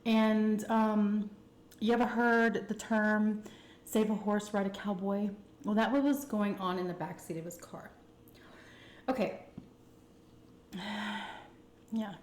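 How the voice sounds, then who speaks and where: A woman with a Texan accent telling a candid, chatty personal story to her viewers, full of fillers and animated retellings. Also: medium pitch, takes it slowly, long pauses, echoey room, slight background noise. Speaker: food vlogger telling a story. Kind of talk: casual storytime chat.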